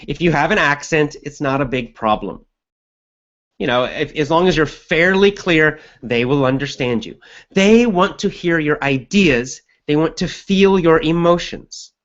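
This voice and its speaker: Male host, energetic coach answering questions, mid-pitched voice, slightly dull lo-fi sound. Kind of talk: live show answering viewer questions.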